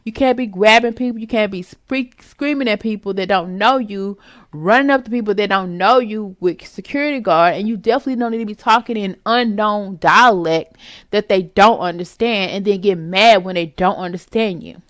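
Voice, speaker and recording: A woman's voice: medium pitch, moderate pace, dry recording, clean studio sound. A woman hosting her own vlog, giving her opinions in a casual, emphatic commentary and calling the listener "baby".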